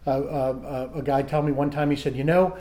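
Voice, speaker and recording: A middle-aged man sharing candidly in a recovery group, self-mocking and halting, often restarting his sentences. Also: medium pitch, fairly even intonation, mellow.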